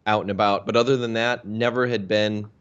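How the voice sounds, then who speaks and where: A man in his thirties from Minnesota tells his story in a casual interview and keeps slipping into the voices of the people in it. His voice sits a little low. The recording is dull and lo-fi. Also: brisk, clear, resonant tone. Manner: animated storyteller, acts out quoted dialogue. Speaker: interview guest, health practitioner. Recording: dull lo-fi sound.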